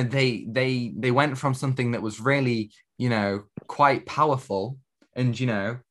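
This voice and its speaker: A man's voice: mid-range voice, fairly bright tone. Rambling man reviewing films. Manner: rambling, heavy use of "you know" fillers. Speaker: podcast co-host. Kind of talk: casual film review chat.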